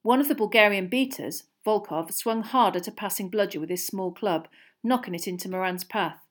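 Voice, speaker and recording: A woman narrates a storybook in a steady reading voice. Her pitch sits in the middle range. She keeps the delivery clear and even. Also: normal speed. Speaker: audiobook reader.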